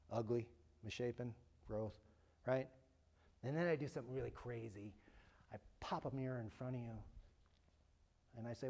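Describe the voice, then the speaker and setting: A man's voice: mid-range voice, brisk, pauses often. A man giving a talk at a parent workshop, asking the audience questions and joking with them. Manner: animated, asks the audience questions, jokes. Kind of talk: lively talk to a live audience. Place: room with a live audience.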